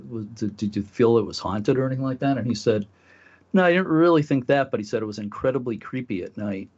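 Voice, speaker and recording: Male co-host, low voice, dull lo-fi sound, rambling chat storyteller. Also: fairly even intonation, fast, warm tone, slightly rough. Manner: rambling, many fillers and restarts. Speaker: podcast co-host. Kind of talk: casual conversational storytelling. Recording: dull lo-fi audio.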